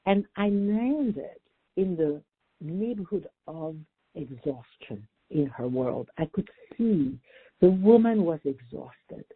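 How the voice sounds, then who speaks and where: An older woman therapist telling a story as a radio interview guest, animated and warm. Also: fairly low pitch, slow pace, husky, dry recording. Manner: warm, animated storytelling, acting out quoted voices. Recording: dry, phone-like radio line.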